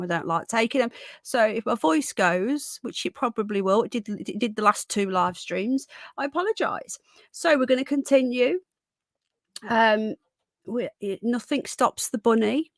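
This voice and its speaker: A woman hosting a live stream whose voice is going croaky, chatting casually and rambling with fillers and restarts. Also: a little high, dry recording, clean studio sound.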